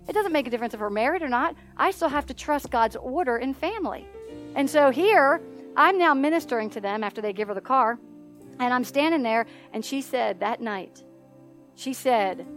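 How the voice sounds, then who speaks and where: A middle-aged woman minister telling a story in a sermon, animated and often laughing as she acts out the voices in it. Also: sits high.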